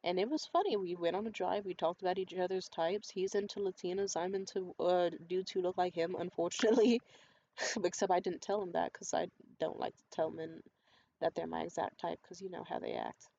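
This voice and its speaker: A woman vlogger tells a personal story in a candid, profane and animated way. Her voice carries a noticeable gravelly fry. The recording sounds slightly dull, with a faint hiss underneath. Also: fairly low pitch, fairly quick. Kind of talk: storytime monologue.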